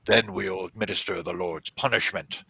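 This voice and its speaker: A man's voice: sits low, moderate pace, vocal fry, bright, forceful tone, husky, dry recording, pitched below the performer's own voice, heavily acted. A man playing a stern, zealous village priest who speaks in a pompous, accusing way. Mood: solemn.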